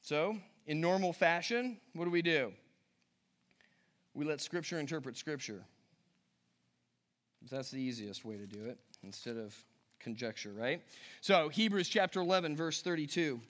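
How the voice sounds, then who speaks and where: High-voiced man preaching casually. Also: normal speed, long pauses, fairly bright tone. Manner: casual, chatty asides with a few chuckles. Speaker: pastor. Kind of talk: conversational sermon with scripture reading.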